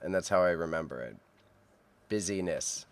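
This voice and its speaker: A man, chatting casually on a co-working stream and thinking aloud as he works, sounding a little phlegmy and clearing his throat. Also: low voice, moderate pace. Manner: relaxed, self-mumbling, thinks aloud while typing. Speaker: streamer and reseller. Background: keyboard typing.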